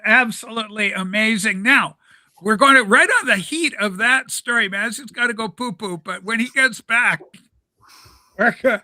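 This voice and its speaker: A man's voice: extremely high pitch, sharp tone, dry recording. A man hosting a livestream, bantering playfully with his guests. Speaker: host.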